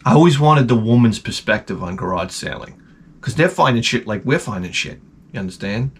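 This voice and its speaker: A man hosting his own channel, telling crude, rambling comic stories and breaking into sudden high-pitched outbursts. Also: expressive, fairly quick, husky. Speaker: channel host.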